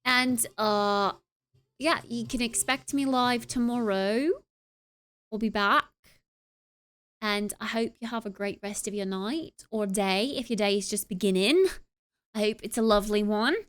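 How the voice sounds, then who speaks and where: A woman's voice: mid-range voice, measured pace, a bit bright, smooth. A young woman streamer wrapping up her live stream in casual, rambling chat, with lots of filler sounds and playful asides. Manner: playful, tries out accents.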